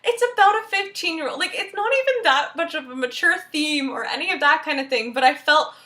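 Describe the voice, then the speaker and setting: A young woman talking to camera as a book vlogger, telling a story in a chatty, animated way with many "like" fillers. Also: high-pitched, a little fast, echoey room.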